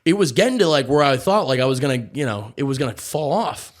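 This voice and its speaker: Laid-back man, lively voice. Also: medium pitch, fast talker. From Boston. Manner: laid-back, laughs often, storytelling. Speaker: comedian guest. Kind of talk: casual comedic chat.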